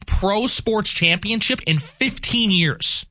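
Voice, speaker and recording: A man's voice: sits high, lively intonation, slow, sharp tone, no room sound, studio quality. A man with a New York accent, talking animatedly and emphatically as a guest on a radio show. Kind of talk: casual radio chat.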